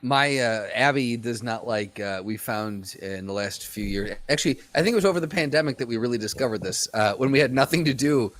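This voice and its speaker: A man co-hosting a podcast in a relaxed casual chat, laughing easily and chiming in often. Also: medium pitch, a little fast, hardly any pauses, dry recording. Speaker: podcast co-host.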